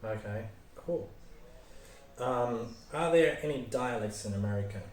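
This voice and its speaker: A man's voice: medium pitch, animated, unhurried, a little mellow, slight background noise. A man hosting his channel, interviewing a guest with loose questions full of fillers. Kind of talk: casual interview. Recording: echoey, distant, with ambience.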